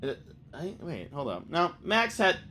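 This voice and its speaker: A man's voice: a little high, huge pitch swings, unhurried, pushed and bright, slight background noise. A male game streamer talks to his chat in a slightly raised voice, loose and profane. He reacts aloud as he reads the game's text. Faint ambience sits behind him. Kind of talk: let's play gaming commentary.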